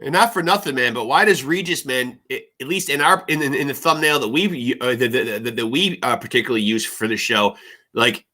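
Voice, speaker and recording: Man, bright forceful voice, casual boxing podcast, joking, swearing. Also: medium pitch, brisk. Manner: loose, profane, joking banter. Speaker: podcast co-host.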